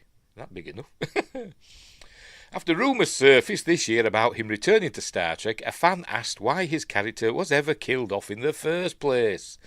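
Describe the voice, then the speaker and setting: Yorkshire bloke, low-pitched, casual home-stream host who reads articles and rambles off on tangents, dry close sound. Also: male voice, fairly bright tone, no echo. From Yorkshire, England. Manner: rambling, chatty asides, audience check-ins. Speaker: livestream news host. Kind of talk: casual livestream commentary, reading articles aloud.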